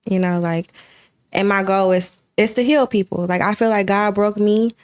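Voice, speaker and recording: A woman's voice: medium pitch, fairly even intonation, normal speed, clear, resonant tone, no echo. Earnest woman guest, dry close sound. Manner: earnest, heartfelt, spiritual talk with many "like" fillers. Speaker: interview guest. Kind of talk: casual chat.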